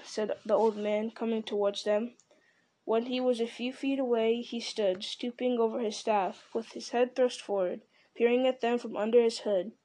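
A woman reading a fantasy novel aloud with even, deliberate storytelling. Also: fairly high pitch. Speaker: reader.

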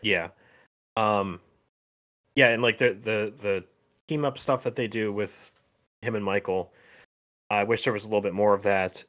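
On the low side and a bit bright, this co-host's voice stays fairly even in intonation. His casual podcast chatter is halting, full of fillers and restarts, and he laughs often.

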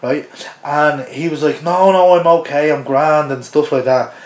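An Irish man with a fairly high voice tells a story as a podcast guest. He chuckles as he goes and keeps it loose and casual. The recording has a roomy, echoey sound. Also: normal speed. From Ireland. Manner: chuckles through an animated anecdote. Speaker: interview guest.

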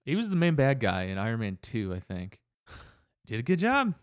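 A man's voice: medium pitch, huge pitch swings, no room sound. Easygoing man, dry close sound. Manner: easygoing, quick to laugh. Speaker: podcast co-host. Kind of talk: casual podcast chat.

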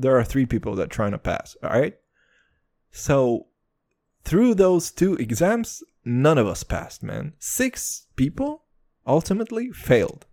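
A young man hosting a casual solo podcast, swearing a lot and dropping "dude" into every sentence, boastful and rambling. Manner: crude, swaggering slang, lots of "dude"; jumps between low mutters and high excited bursts. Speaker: podcast host.

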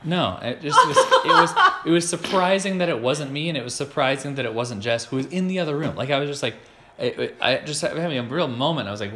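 A man's voice: medium pitch, big pitch swings, fairly quick, fairly bright tone. A man in his thirties hosting a casual podcast, telling amused stories about parenting, recorded in an echoey room with faint noise. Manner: chatty, amused storytelling. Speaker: podcast host. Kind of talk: casual chat.

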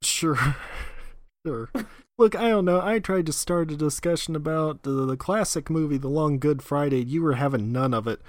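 A man's voice: on the high side, moderate pace, dry recording, clean studio sound. A man co-hosting a casual comedy chat, teasing his partner with sarcastic jabs. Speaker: podcast co-host.

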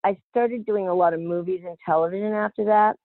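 A woman from Australia, an actress, telling stories in an animated interview and often laughing. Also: mid-range voice, brisk, no room sound. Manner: animated, laughing, quotes other voices. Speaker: actress guest. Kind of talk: casual interview storytelling. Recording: tinny phone-like line, dry.

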